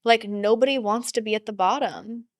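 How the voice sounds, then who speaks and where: A woman hosting a podcast, an unhurried and encouraging listener in casual chat. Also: fairly high pitch, no room sound, clean studio sound. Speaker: podcast host.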